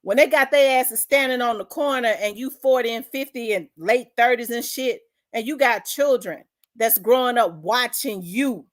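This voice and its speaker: A woman's voice: on the high side, moderate pace. A woman from South Memphis with a Memphis accent, hosting an opinion vlog in a blunt, profane, fired-up rant. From South Memphis, Tennessee. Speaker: host.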